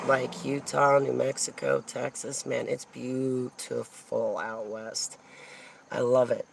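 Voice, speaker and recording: A woman's voice: rumbling low, little pitch movement, takes it slowly, gravelly, background noise. A woman from New Jersey telling a rambling personal story in a casual monologue, digressing often and laughing as she goes.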